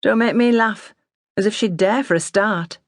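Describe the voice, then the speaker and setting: A woman plays a sharp, defiant nineteen-year-old farm girl. Her voice rides higher than the narrator's own and snaps back with sarcasm, in a dry storybook reading. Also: normal speed, no room sound, natural voice.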